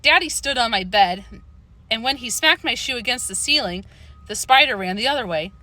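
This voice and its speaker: A woman narrating a children's book with an expressive storytelling delivery, close to the mic. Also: fairly high pitch, moderate pace. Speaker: audiobook narrator.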